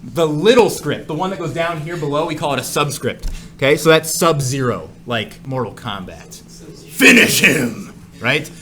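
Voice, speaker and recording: Joking male math teacher, lively voice. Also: on the high side, normal speed, few pauses. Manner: jokey and playful, asks the class many questions. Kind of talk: classroom lecture. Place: classroom. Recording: echoey classroom with faint ambience.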